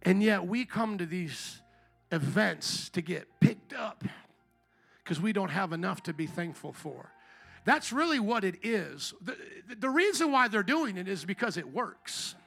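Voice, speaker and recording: A male pastor delivering a sermon with real fervor, dropping to a hush and then shouting out to the crowd. His voice sits high and rings bright and forward. Faint music plays beneath his words. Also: very animated, unhurried, vocal fry, breathy edge. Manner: impassioned, swings between soft and shouted.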